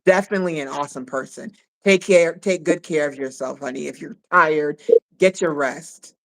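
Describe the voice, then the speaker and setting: A woman co-hosting a live stream in a casual chat, who speaks warmly and effusively and often repeats herself. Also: low-pitched, moderate pace, creaky, low-quality recording.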